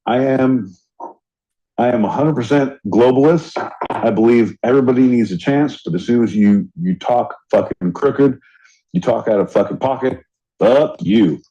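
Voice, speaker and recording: Swearing freely, this man co-hosting a podcast goes on a heated rant during casual conversation. He has a mid-range, dark-toned voice and a moderate pace, captured in dull, lo-fi audio.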